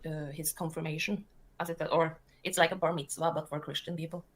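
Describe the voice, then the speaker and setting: A middle-aged woman with a Norwegian accent, talking in a casual, rambling way. She turns defensive easily, and her voice sits fairly low for a woman. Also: level tone, brisk, breathy edge. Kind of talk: casual talk.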